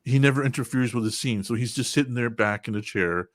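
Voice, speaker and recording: A man's voice: mid-range voice, fast talker, hardly any pauses, no room sound, clean studio sound. A man in his forties hosting a casual podcast chat, rambling and swearing often, with frequent laughs. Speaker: podcast host.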